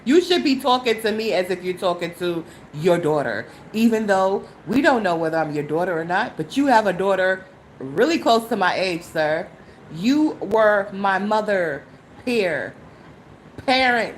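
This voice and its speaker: A middle-aged woman, hosting a solo live podcast and telling a story with animation, swinging between low mocking quotes and high indignant outbursts. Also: expressive, normal speed, a little hiss or hum, poor audio. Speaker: podcast host.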